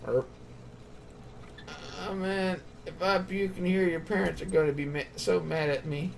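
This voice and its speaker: A man's voice: high-pitched, fairly even intonation, unhurried, gravelly, a little hiss or hum. A man playing through a story game, reading the characters' dialogue aloud and then picking which line to go with. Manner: reads out dialogue choices, then picks one. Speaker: let's play gamer.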